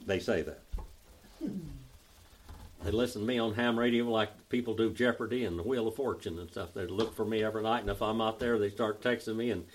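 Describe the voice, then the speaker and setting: A man's voice: on the low side, fairly even intonation. Folksy older Oklahoma man teaching. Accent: Oklahoma Southern. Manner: folksy, drawling, spells out grammar slowly. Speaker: Bible teacher. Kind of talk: teaching a Greek Bible study.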